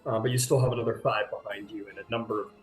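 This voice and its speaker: A man's voice: on the low side, fairly even intonation, rapid-fire. A man narrating a tabletop game as game master in a casual, rambling way full of fillers. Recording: echoey room with faint music.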